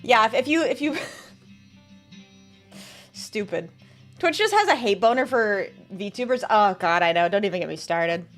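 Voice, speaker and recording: A woman's voice: mid-range voice, lively intonation, fairly quick, hardly any pauses, faint music behind. A woman streamer chatting casually with her viewers, sarcastic and laughing often. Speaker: VTuber streamer. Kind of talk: casual stream chat reading viewer messages.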